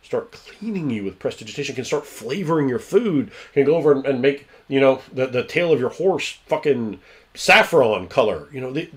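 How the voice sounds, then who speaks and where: A man's voice: mid-range voice, moderate pace. A man who runs tabletop games, chatting casually and telling stories animatedly, acting out scenes and swearing freely. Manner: animated storyteller who acts out scenes, profane. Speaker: tabletop game master. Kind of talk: casual chat.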